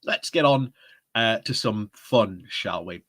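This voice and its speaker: A man's voice: lowish voice, expressive, takes it slowly, a bit bright. A man hosting a casual live stream, chatty and often breaking into laughter as he talks. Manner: giggly, chatty, often laughing mid-sentence.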